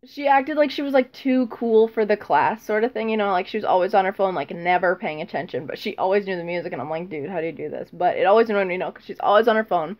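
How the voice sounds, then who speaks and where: A woman's voice: medium pitch, quick pace, few pauses, lo-fi sound. A teenage girl chatting casually in a vlog, rambling and self-deprecating, with frequent ums and laughs. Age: teens. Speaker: vlogger.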